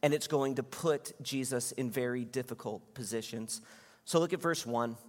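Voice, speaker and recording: Guy preaching in a church, tells a story all animated, big echoey hall sound. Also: medium pitch, moderate pace. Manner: storytelling, animated when recounting anger. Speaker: pastor. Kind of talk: sermon. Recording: long hall reverb.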